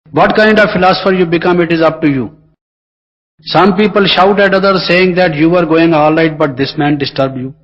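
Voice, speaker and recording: Indian English male spiritual teacher, husky higher voice, earnest and emphatic, dull lo-fi recording. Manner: earnest, emphatic, repetitive phrasing. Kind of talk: meditation class talk.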